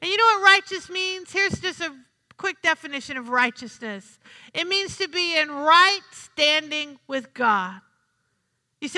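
A female pastor delivers a sermon to her congregation in a church sanctuary, her very high, piercing voice ringing through the hall with a long reverb. She leads call-and-response and repeats key lines twice, speaking unhurriedly with lively intonation and a sharp tone.

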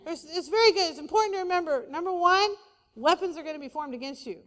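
A woman pastor preaches a sermon in a lively, conversational style, tossing playful asides to the congregation. Her voice is very high-pitched and quick, and the recording has a long hall reverb.

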